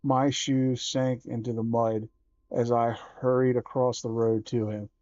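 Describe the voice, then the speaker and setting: Male storyteller reading aloud; slow, measured, warm tone, dry muffled recording. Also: mid-range voice, level tone, dry recording. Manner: slow, measured reading with small self-corrections. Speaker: livestream host reading a book aloud. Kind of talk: reading a children's horror book aloud.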